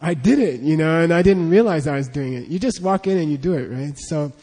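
A man's voice: a little high, lively intonation, a little fast, dark tone. A man teaching a class, leading a pronunciation drill and patiently repeating syllables for students to echo. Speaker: language teacher. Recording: long hall reverb.

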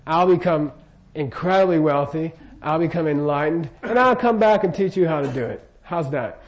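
In a dull, lo-fi lecture recording, an older Buddhist teacher talks informally, cracking jokes and frequently checking on his audience. His pitch sits fairly high and he speaks at a moderate pace.

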